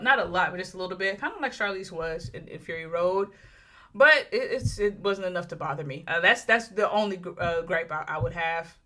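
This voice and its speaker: A woman's voice: fairly low pitch, pushed and bright. A woman talking casually and enthusiastically through a movie review, with many fillers and restarts.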